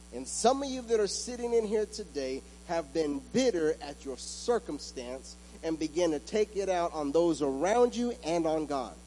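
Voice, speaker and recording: A man preaching a sermon in a church, building from quiet talk to loud, rising preaching. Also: fairly high pitch, a little hiss or hum, rough recording. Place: church with an altar.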